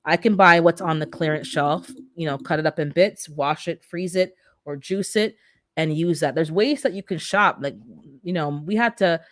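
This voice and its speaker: A woman's voice: lowish voice, normal speed, dry recording, clean studio sound. A middle-aged woman who immigrated to North America, hosting a casual livestream and chatting back to her viewers' comments. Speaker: livestream host reading the chat.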